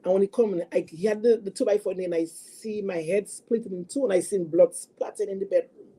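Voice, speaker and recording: A woman with a very dark, mellow voice and a husky edge tells her own story in an interview. She talks earnestly and haltingly, circling back and repeating words as she goes. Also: mid-range voice. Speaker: guest sharing a personal story. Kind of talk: emotional personal testimony.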